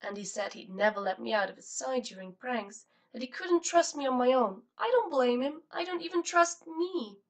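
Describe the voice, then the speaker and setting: A woman's voice: high-pitched, expressive, moderate pace, few pauses, recorded from a distance, pitched above the performer's own voice. A woman voicing an emotional, reckless teenage girl who teases and breaks down sobbing, in an audiobook. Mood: distraught. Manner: teasing, then sobbing and shouting.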